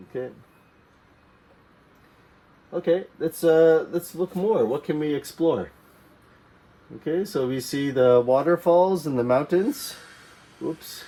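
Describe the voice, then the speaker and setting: A man's voice: medium pitch, very animated, slow, noisy background. A man teaching a geography lesson to young learners, repeating key words and checking understanding with frequent "okay" and "right?".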